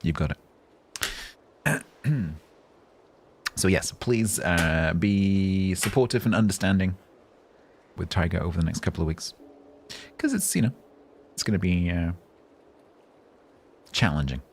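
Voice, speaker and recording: A man chatting calmly on a game livestream, rambling with fillers and restarts. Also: low-pitched, normal speed, pauses often. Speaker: game streamer. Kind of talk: casual livestream chat.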